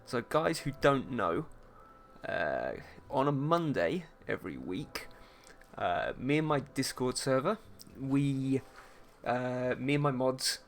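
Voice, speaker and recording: A man's voice: mid-range voice, a bit bright, a little hiss or hum. A man with a posh British accent, hosting a casual art livestream and chatting and teasing his viewers in a playful way. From England. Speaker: art streamer host.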